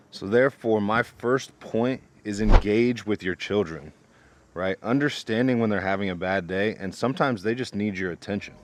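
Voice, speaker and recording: A young man, a father, telling a casual vlog story about parenting in a relaxed, conversational way. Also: on the low side, normal speed, faint music behind. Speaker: parent vlogger.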